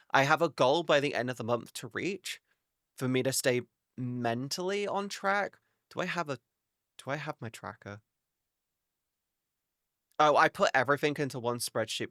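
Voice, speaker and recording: Man, live streamer, casual rambling chat, bright sharp tone, dry close sound. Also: medium pitch, dry recording. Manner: rambling and chatty, swears casually, talks to chat.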